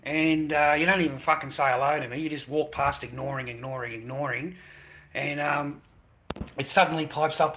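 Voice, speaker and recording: A man's voice: on the high side, fairly even intonation, moderate pace, fairly bright tone, a little hiss or hum. A middle-aged Australian man in a rambling live-stream monologue, bitter and profane, who keeps repeating himself. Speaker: livestreamer.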